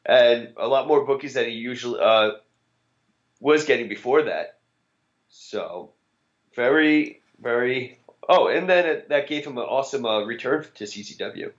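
A man's voice: medium pitch, animated, moderate pace. A man co-hosting a wrestling podcast, chatting casually and often trailing off mid-thought. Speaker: podcast co-host. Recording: dull lo-fi mic.

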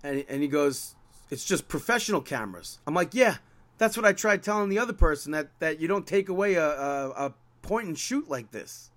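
A man's voice: on the high side, fairly quick. A man telling a story on a podcast, acting out each exchange as he gets more and more exasperated. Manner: animated, exasperated retelling with quoted dialogue. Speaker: podcast co-host. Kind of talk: casual chat, storytelling.

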